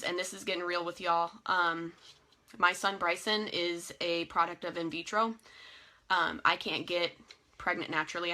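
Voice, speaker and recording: Woman team leader, bright heartfelt voice, live video training pep talk. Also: on the low side. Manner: earnest, heartfelt, emotional. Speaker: network marketing team leader. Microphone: phone or webcam on a live video.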